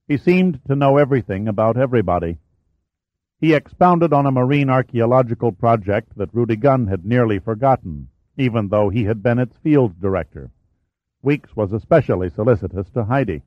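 A man giving a steady, measured audiobook narration. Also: mid-range voice, dry recording, lo-fi sound. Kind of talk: scripted narration.

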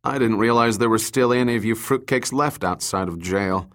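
A man's voice: medium pitch, normal speed, a bit bright, close to an everyday voice. A man voicing a cool-headed, sarcastic male diver in an audiobook, with a dry delivery. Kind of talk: audiobook character voice.

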